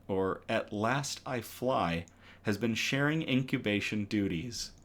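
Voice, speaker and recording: A man hosting a casual online news show, reading articles aloud in a conversational way with frequent ums and self-corrections. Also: medium pitch.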